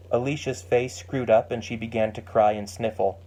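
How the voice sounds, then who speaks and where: A man reading a family story aloud as a steady, gentle narrator. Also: medium pitch, moderate pace, few pauses. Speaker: audiobook narrator.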